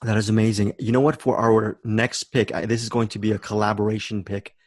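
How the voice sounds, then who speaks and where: A man's voice: lowish voice, flat delivery, brisk, no echo. A man hosting a podcast in casual chat, enthusiastic and repeating words as he thinks. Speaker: podcast host.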